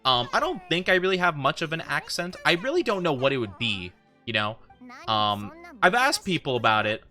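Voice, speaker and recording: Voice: medium pitch, big pitch swings, a little fast, pushed and bright, faint music behind. A VTuber streamer in rambling casual chat with viewers during a game stream.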